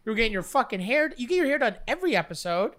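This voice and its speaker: A man's voice: extremely high pitch, big pitch swings, rapid-fire, a bit bright. A man co-hosting a podcast with crude, teasing jokes and mock self-praise. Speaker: podcast co-host. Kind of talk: casual banter.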